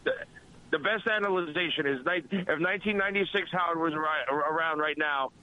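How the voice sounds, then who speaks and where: Man, phone-in radio guest, high pitch, bright tense voice, profane storytelling. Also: fast, dull audio. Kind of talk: casual phone chat. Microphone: phone line.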